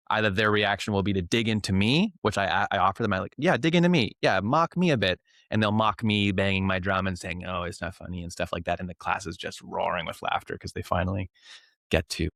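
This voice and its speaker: A man's voice: deep voice, vocal fry, no echo, studio quality. A young Canadian man, a clown and improv teacher, talking casually in an interview and acting out classroom voices. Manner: animated storyteller, acts out classroom voices.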